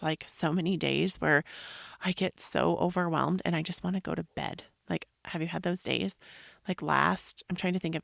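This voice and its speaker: A woman's voice: lowish voice, creaky, dry recording, studio quality. A woman in her thirties, a podcast host telling a story in a chatty, rambling way full of "like" fillers. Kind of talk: casual storytelling monologue.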